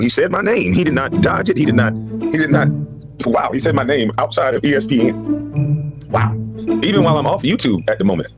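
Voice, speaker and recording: On a podcast, a former basketball player launches into a heated monologue, repeating himself emphatically as he rants. His male voice sits in the mid range.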